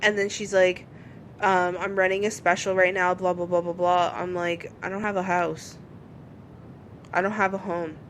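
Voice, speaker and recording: Swearing, animated woman podcast co-host. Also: on the low side, normal speed, slight background noise. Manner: animated storyteller, swears freely, acts out both sides of calls. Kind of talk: casual chat.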